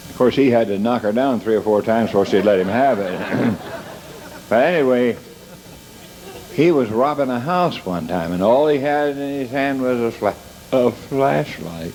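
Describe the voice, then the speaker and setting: A man's voice: on the low side, darkish tone, a little hiss or hum, rough recording. A man telling comic stories on stage, stumbling and restarting his words as he goes. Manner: halting, stammering restarts. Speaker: comedian. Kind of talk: stand-up storytelling.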